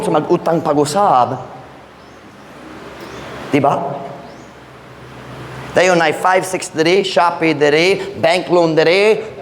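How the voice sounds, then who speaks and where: A man preaches a sermon in a slightly high voice, pressing his listeners with pointed questions. His voice rings out through a roomy church hall with a long reverb tail. A faint hiss of noise sits underneath. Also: measured pace, long pauses. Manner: emphatic, quizzing the congregation with questions. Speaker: pastor.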